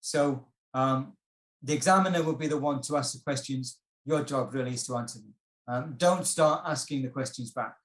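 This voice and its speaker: A man's voice: medium pitch, normal speed. Man explaining test tips, echoey room. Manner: relaxed, explanatory, many ums and restarts. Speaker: IELTS workshop presenter. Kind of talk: online workshop talk.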